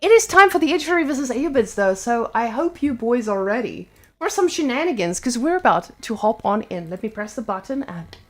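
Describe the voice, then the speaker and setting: Woman, esports caster, fairly high pitch, playful, joking, live commentary.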